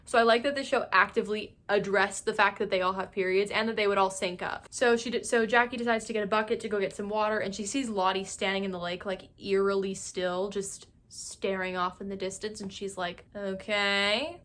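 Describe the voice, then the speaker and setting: A young woman casually recapping a TV show, animated and gossipy, with lots of "like" and frequent laughs. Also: mid-range voice, a little fast, few pauses. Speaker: YouTube TV recap host. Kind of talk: casual, chatty episode recap.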